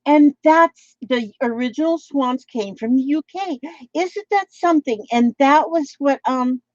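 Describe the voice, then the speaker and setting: A craft vlogger from Minnesota with a Midwestern American accent chats in a rambling, playful way while crafting and reading out viewer comments. Her voice is high and measured, with no room sound, in a dull lo-fi home recording.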